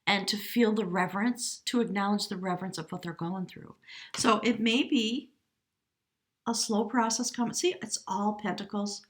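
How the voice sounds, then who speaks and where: A woman giving a spontaneous tarot reading, speaking gently and emotionally, now and then addressing her spirit guides. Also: mid-range voice, moderate pace. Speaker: tarot reader.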